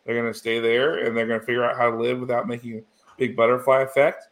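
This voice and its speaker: A man's voice: medium pitch, flat delivery, fast, a bit bright. Rambling man in casual chat. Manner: rambling, full of "you know" and restarts, emotional. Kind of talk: casual chat recapping a TV episode.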